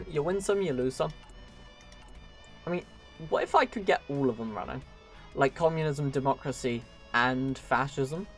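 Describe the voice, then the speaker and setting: Live streaming a strategy game, a man gives casual, chatty commentary, laughing often and talking to his viewers. His voice is medium-pitched.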